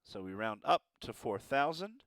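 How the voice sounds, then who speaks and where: A man's voice: mid-range voice, very animated, normal speed, a bit bright, no echo. A man teaching a math lesson, encouraging and playful with joking asides.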